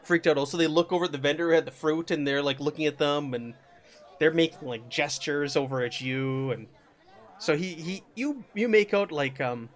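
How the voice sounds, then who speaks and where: A man's voice: a little high, normal speed. A man running a tabletop horror game as game master, talking loosely with many fillers and restarts.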